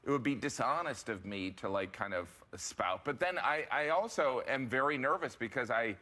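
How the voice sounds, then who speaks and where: A middle-aged man, a comedian guest on a talk show, joking in a deadpan, self-deprecating way. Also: medium pitch, moderate pace.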